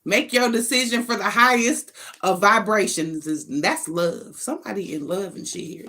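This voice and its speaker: A woman's voice: medium pitch, normal speed, sharp tone. Woman, card reader, casual spiritual monologue; blunt, profane, sassy delivery. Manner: thinks aloud between short bursts.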